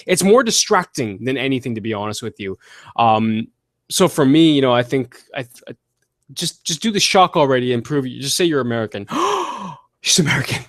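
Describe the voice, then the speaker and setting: A man hosting a casual podcast, answering listener questions with blunt, profane and animated opinions. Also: medium pitch, fairly quick, no room sound, clean studio sound. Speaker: podcast host. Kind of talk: casual wrestling podcast chat.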